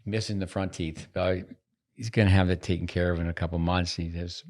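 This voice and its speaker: Seated at a table in a studio, an older man hosting a podcast teases and rambles through casual chat, restarting his sentences a lot. His voice sits low and darkish, brisk in pace with fairly even intonation.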